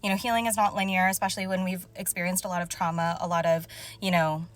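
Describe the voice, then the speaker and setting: A young woman speaking casually as a spiritual channeler, emotional and halting, full of fillers as she describes images to viewers. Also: on the low side, little pitch movement. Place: car.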